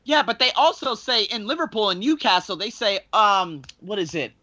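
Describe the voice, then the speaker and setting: An American man telling animated stories as a podcast guest, laughing often. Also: high voice, normal speed, dry recording. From United States. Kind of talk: casual chat. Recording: dull lo-fi sound.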